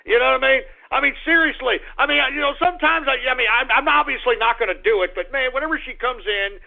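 High creaky ranting radio host man. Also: quick pace. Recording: lo-fi phone-like radio audio.

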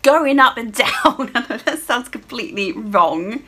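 Young woman, gaming commentary, giggly and foul-mouthed, high voice with a bouncy, lively pitch. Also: a little slow, hardly any pauses. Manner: giggly, sweary, gushing. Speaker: gamer. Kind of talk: casual gameplay commentary.

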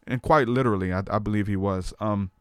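A man's voice: on the low side, fast talker, no echo, studio quality. A man hosting a podcast, telling a personal faith testimony in casual talk, earnest and storytelling, often saying "man". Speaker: podcast host.

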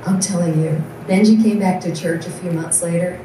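A woman nurse sharing personal testimony stories at an event, earnest and lively as she acts out what others said. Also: fairly low pitch, normal speed, a little hiss or hum. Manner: earnest storyteller, acts out quoted voices. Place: large event hall. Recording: echoey room from far off.

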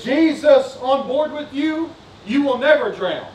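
High-voiced pastor preaching in a roomy church. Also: male voice, expressive, normal speed, slight background noise. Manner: fervent, repetitive, asks the congregation questions. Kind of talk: sermon. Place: church sanctuary. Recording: roomy sanctuary sound, distant mic.

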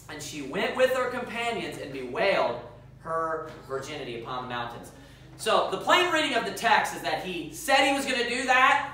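A man's voice: sits high, pushed and bright. A man preaching as a pastor, reading scripture aloud and putting questions to the congregation in an emphatic way. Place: church sanctuary. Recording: echoey church hall, mic far off.

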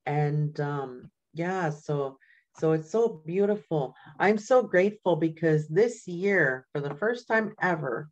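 Slow, low-voiced older woman elder. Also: lively intonation. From Canada. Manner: warm storytelling, frequent "right?" and "you know". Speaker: community elder. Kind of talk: informal teaching talk.

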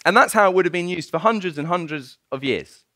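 A man giving a sermon as a guest preacher, telling a story in an animated way and laughing often. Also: high-pitched, quick pace, dry recording.

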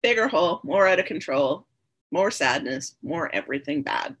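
A woman with a husky, somewhat low voice speaks as a podcast guest. She recounts her own story in an earnest, candid way and repeats phrases for emphasis. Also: animated, normal speed, a bit bright. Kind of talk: personal storytelling in conversation.

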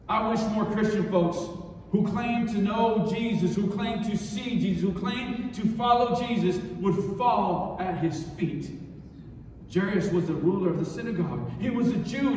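A male pastor preaching a sermon, swinging between soft and loud, often repeating key phrases for emphasis. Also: high voice, a little hiss or hum. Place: church sanctuary. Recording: echoey church hall, mic at a distance.

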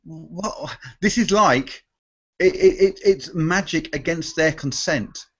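A man's voice: on the high side, takes it slowly, dull audio. A man, a magician guest in a live Q&A, talking animatedly and restarting his sentences often. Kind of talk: live Q&A chat.

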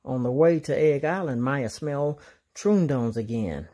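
Expressive husky male storyteller. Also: mid-range voice, a little slow. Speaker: storytime reader. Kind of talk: reading a children's picture book aloud.

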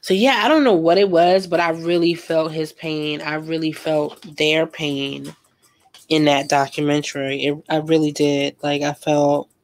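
Young woman, art vlogger, slangy, emotional casual chat, lowish voice. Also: steady tone, measured pace. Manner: chatty and emotional, lots of fillers and slang. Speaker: art vlogger painting live. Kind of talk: casual chat while painting.

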